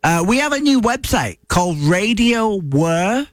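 A man, hosting a radio show in a studio and chatting casually, rambling and spelling things out slowly. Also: sits high, big pitch swings, dry recording. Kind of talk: casual on-air chat. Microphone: studio microphone.

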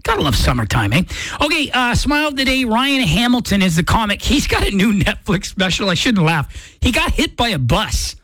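A man hosting a morning radio show, telling a story in an excitable, chatty way and acting out the quotes. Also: high-pitched, a little fast, no room sound. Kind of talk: casual radio chat. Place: radio studio. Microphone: studio mic.

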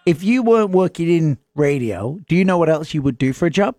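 An English man co-hosting a radio show, talking in a relaxed, jokey way. His voice sits a little high for a man. The studio sound is close and dry. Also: no room sound, soft background music. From England. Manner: chatty, jokey, does quick voices. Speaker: radio host. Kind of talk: casual radio chat.

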